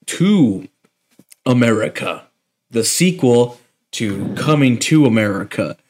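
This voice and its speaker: A man's voice: medium pitch, expressive, slow pace, a little mellow, a little hiss or hum. A man co-hosting a podcast in casual chat, easygoing and introducing the review segment. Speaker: podcast co-host.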